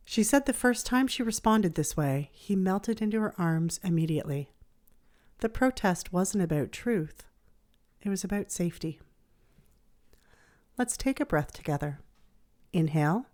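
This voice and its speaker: Gentle, measured woman therapist host. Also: on the low side, animated. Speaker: child therapist and podcast host. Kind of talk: scripted reflective podcast narration.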